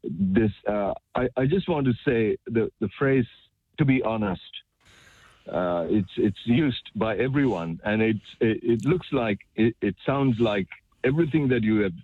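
A man's voice: fairly low pitch, a little slow, slightly rough, no room sound. A man calling in to a radio show over the phone, speaking hesitantly with many fillers and restarts. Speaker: caller. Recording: phone line.

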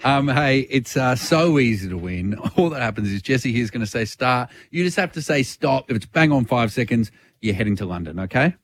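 A man hosting a radio game segment, teasing and quick with callers. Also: medium pitch, lively intonation. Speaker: radio host. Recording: faint background noise.

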